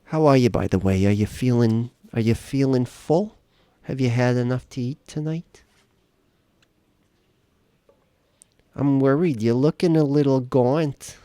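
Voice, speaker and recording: A man's voice: mid-range voice, normal speed, few pauses, dark tone, smooth, no room sound, natural voice. A man voicing a doting, fussy old grandmother who coddles and frets over whether someone has eaten, during a live game stream. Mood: fussing.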